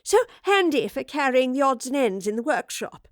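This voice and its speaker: A woman's voice: sits high, animated, moderate pace, dry recording, studio quality, pitched above the performer's own voice. A woman voicing a bold, teasing female time-travelling professor with a cheeky, fearless manner.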